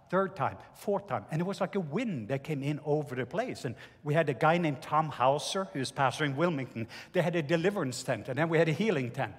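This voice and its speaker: A man with a Norwegian accent preaches to a congregation, recounting a testimony earnestly and stumbling over restarts. His voice sits a little high and sounds husky. The sound rings with the long reverb of a large hall. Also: animated. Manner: earnest storytelling with halting restarts. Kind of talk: sermon with personal testimony.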